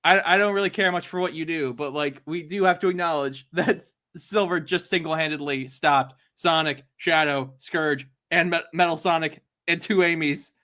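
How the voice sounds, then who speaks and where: Bright-voiced man, chatty and laughing. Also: on the high side, fairly even intonation, moderate pace, few pauses. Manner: laughs often while retelling scenes. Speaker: podcast host. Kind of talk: casual comic-book discussion.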